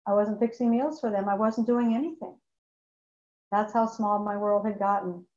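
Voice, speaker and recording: A woman's voice: mid-range voice, steady tone, normal speed, darkish tone. A woman giving an emotional, candid personal testimony about her recovery, often repeating phrases for emphasis. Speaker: speaker sharing her recovery story. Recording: echoey, dull lo-fi room recording.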